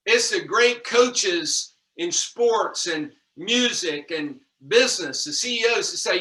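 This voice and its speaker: A man's voice: extremely high pitch, expressive, normal speed, few pauses, pushed and bright. A man giving a folksy motivational talk on leadership to his team, calling them y'all and repeating himself as he goes. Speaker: leadership trainer. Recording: echoey room, distant mic.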